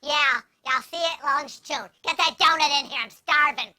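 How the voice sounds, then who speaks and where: A man's voice: very high-pitched, moderate pace, bright, forceful tone, voice pushed up, exaggerated voice. A man putting on a whiny bored office clerk woman. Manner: whiny, distracted, chatting across the office.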